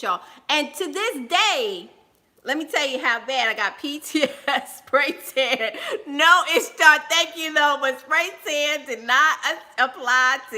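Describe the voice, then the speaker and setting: A woman's voice: high-pitched, sharp tone. A woman telling a funny personal story to viewers in a casual livestream, laughing often and talking straight to her audience.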